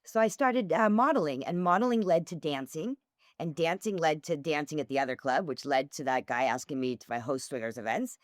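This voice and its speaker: Animated woman guest telling stories. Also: low-pitched, brisk, no echo, studio quality. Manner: animated storyteller who acts out dialogue. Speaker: podcast guest, former swingers event host. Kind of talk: casual podcast conversation.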